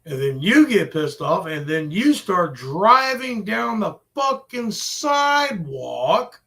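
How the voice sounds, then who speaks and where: Man, gaming channel host, high and gravelly voice, slow profane rants. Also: big pitch swings, bright, forceful tone. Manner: profane, exasperated ranting. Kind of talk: ranting gameplay commentary.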